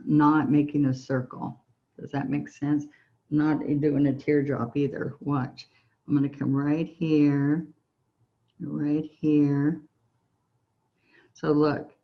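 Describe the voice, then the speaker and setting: A woman with a soft Southern US accent leads a relaxed painting tutorial, talking slowly and evenly as she walks through each brushstroke. Her voice is mellow and warm, gentle and encouraging. The recording sounds a little dull and muffled. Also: sits low. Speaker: painting instructor.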